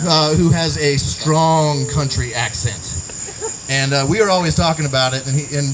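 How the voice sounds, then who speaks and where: A man's voice: on the high side, moderate pace. A man with a rural Virginia country accent performing a stand-up set on a club stage, chatty and self-mocking. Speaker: stand-up comedian. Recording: loud noisy live stand-up clip.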